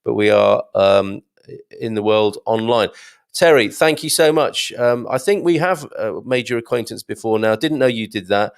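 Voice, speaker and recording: A man's voice: on the low side, animated, normal speed, vocal fry, clear, resonant tone. A man hosting a live show, chatting casually and rambling through viewer comments, with many ums and restarts. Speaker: host reading viewer comments. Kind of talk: casual live-stream chat.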